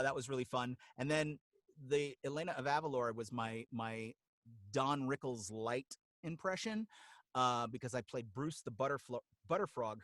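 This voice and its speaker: A man, a guest voice actor, chatting in a casual interview, animated and groping for names, slipping into voices mid-sentence. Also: mid-range voice, dry recording.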